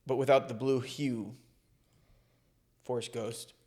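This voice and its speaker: A man co-hosting a casual reaction chat, dropping dry jokes and quick asides. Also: mid-range voice, fairly even intonation, a little mellow. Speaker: co-host.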